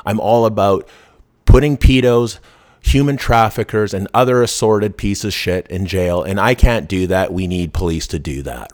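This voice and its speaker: In a casual monologue, a podcast host speaks in a fairly low voice. He is blunt and profane, frequently restarting his sentences.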